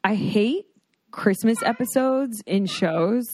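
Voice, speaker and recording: A woman's voice: fairly high pitch, expressive, slow pace, darkish tone, no room sound. A young adult woman co-hosting a podcast, chatting casually and animatedly with lots of filler words. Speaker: podcast co-host. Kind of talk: casual chat.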